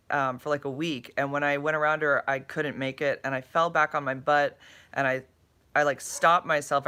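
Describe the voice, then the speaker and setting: A drowsy woman with a bright voice chats loosely on a live stream from her bed. She rambles, trips over words and greets viewers as she reads their comments. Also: deep voice. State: drowsy and dopey from medication. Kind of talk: casual live-stream chat, reading comments. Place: in bed at home.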